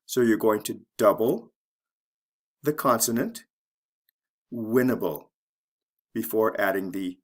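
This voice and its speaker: Male ESL teacher, slow and deliberate, spells out letters one by one. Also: medium pitch. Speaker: English teacher. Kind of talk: explaining spelling rules.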